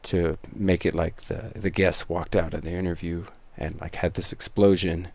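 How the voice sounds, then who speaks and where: A man's voice: deep voice, fairly even intonation, normal speed, a little mellow. A man, the show's creator and host, giving rambling behind-the-scenes commentary full of fillers and restarts.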